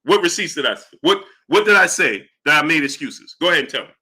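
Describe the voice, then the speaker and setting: Bright-voiced combative stream host. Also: male voice, on the high side, expressive, quick pace. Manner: combative, challenges chatters, shouts out viewers. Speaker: boxing livestream host. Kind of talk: live-stream chat, reading donations.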